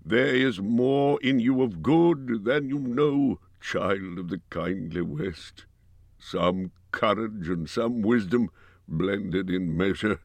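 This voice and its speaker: Man doing a dying dwarf king, super slow and solemn, kinda distant. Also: on the low side, no echo, voice pushed up.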